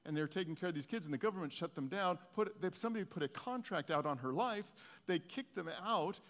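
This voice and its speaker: A male pastor giving a conversational sermon, his intensity swinging from soft to loud. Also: high-pitched, expressive, fast, big-room sound. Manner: conversational preaching, rising and falling in intensity.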